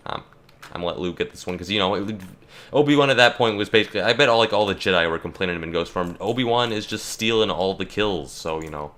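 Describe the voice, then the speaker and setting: Bright-voiced young man ranting jokingly. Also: lowish voice, animated, quick pace. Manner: joking, rambling, many fillers and restarts. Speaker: gaming YouTuber. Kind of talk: casual rant while playing.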